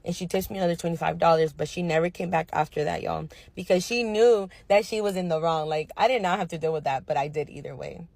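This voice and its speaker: A young woman nail technician casually telling a storytime about a difficult client, animated and slangy. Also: lowish voice, fast talker, gravelly, few pauses, dry recording. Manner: animated, slangy retelling with quoted dialogue.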